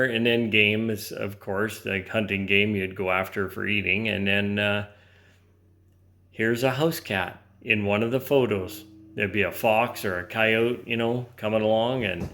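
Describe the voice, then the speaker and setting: A man's voice: on the low side, fairly even intonation, measured pace, a bit bright. A man co-hosting a homestead channel, explaining in a plain, casual way with some hesitation.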